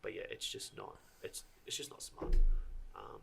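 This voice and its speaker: A man, a strength and conditioning coach, talking casually on a podcast with frequent fillers and restarts. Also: background noise. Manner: halting, many restarts and fillers.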